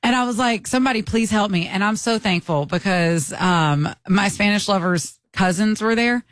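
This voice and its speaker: A woman co-hosting a casual talk show, recounting a travel story in an animated, laughing way. She slips into quick acted-out voices for the people in it. The recording is close and dry. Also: medium pitch, no echo. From Michigan.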